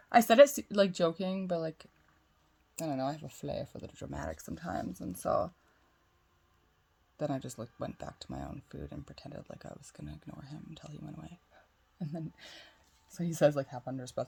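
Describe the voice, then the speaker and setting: A young spiritual vlogger tells a long personal story in a chatty, casual way, swearing freely and acting out the dialogue. Her voice sits low and gravelly with a darkish, breathy edge, and she talks briskly and animatedly but pauses often.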